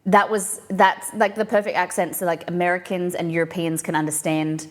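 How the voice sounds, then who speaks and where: A woman's voice: lowish voice, flat delivery, moderate pace. A young woman from Australia with a mild, blended Australian accent, chatting casually on a live cooking stream and answering her viewers as she rambles. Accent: mild Australian, mixed and softened.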